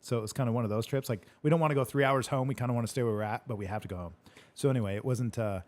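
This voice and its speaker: Fast-paced male podcast host, casual and profane, animated retelling. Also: mid-range voice. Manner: swears a lot, retells arguments animatedly. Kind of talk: casual chat.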